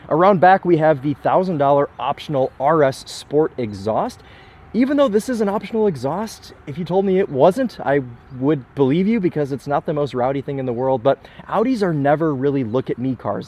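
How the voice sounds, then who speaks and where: A man's voice: mid-range voice, darkish tone. A young man from Michigan giving casual, enthusiastic car walkaround commentary with chatty, self-deprecating asides. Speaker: car reviewer.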